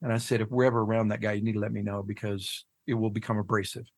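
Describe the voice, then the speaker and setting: Animated man telling his story, swearing freely. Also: lowish voice, racing. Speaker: guest, head of a fathers' nonprofit. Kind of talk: casual podcast conversation.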